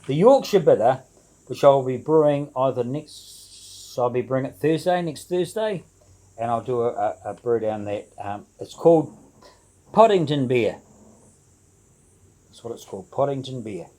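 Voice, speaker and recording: Guy rambling on about his brew from the shed, lots of ums, soft mellow tone, casual vlog chat. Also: medium pitch, expressive, normal speed, rough recording. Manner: rambling, hesitant, many fillers and restarts. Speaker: home brewer.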